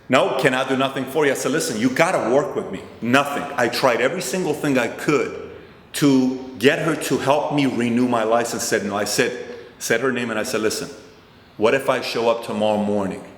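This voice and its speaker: A man's voice: mid-range voice, fairly bright tone. A man hosting a motivational talk, telling a personal story and acting out both sides of its conversations. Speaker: host. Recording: roomy hall with long reverb.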